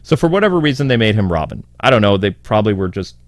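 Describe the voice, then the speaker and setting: A lower-voiced man hosting a comic book commentary, talking in a lively, sarcastic, exasperated way. He riffs freely and jumps into quick voices for the characters he quotes. The recording is dry and close, with no room sound. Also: dry recording. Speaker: comic book video host. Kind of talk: casual opinion commentary.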